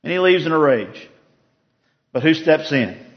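Male preacher, slightly high voice, casual teaching tone, muffled low-fi church recording. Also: expressive, measured pace. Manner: conversational, asks the group questions. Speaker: preacher leading a Bible study. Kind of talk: casual evening Bible teaching.

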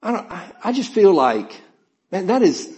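Middle-aged male pastor, earnest conversational sermon delivery, slightly high-pitched. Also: sing-song, normal speed, a little mellow, dull audio. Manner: earnest, conversational preaching with frequent restarts.

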